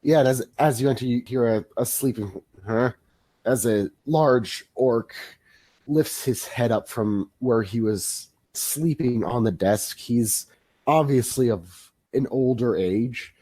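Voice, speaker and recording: A man narrating a tabletop game as game master, descriptive and measured. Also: medium pitch, dark tone, slightly rough, no echo.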